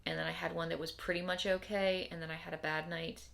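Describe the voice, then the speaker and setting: A woman's voice: fairly low pitch, little pitch movement, fast, creaky, a bit bright. A young adult woman talking casually to camera in a rambling, wry, tired way, often repeating herself. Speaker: vlogger. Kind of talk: casual personal vlog.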